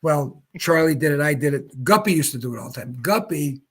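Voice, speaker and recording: A man in his seventies from Pennsylvania, a retired bowler and guest, telling rambling, animated anecdotes in casual chat. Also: a little high, brisk, husky. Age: 70s. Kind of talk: casual storytelling.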